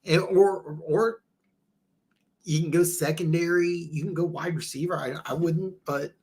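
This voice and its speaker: A man hosting a live football show in a casual, rambling way, with many restarts and stammers, his pitch jumping up when he is incredulous. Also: steady tone, unhurried, a little mellow. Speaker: podcast host.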